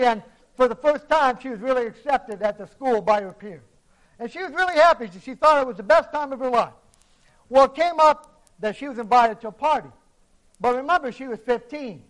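A man preaching a sermon, telling a cautionary story dramatically, with swings from hushed lines to emphatic ones. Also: extremely high pitch, rough recording.

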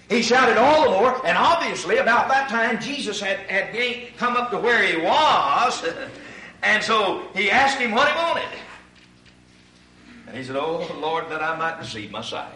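A male preacher delivers a sermon in a bright, somewhat high voice, rising into shouted emphasis and then dropping low again. The sound is echoey and distant, as if he stands well back from the mic in a church hall. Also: big pitch swings, measured pace, long pauses. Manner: builds to shouted emphasis, addresses crowd as ladies and gentlemen.

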